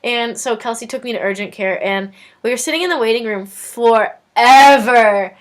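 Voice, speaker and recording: A woman's voice: on the high side, normal speed. A young woman telling stories casually to camera in her dorm room, chatty and full of "like", acting out quotes. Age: young adult. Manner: chatty, lots of "like", acts out quotes. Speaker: vlogger.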